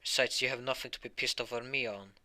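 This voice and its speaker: A man's voice: medium pitch, steady tone, fast, pushed and bright. A man doing a cocky, taunting evil young hero. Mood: defiant. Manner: taunting, sarcastic.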